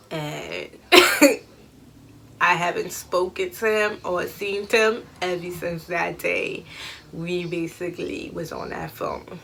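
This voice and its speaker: A young woman vlogger telling a casual storytime, animated and slangy, acting out the dialogue. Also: fairly low pitch, slow pace, gravelly.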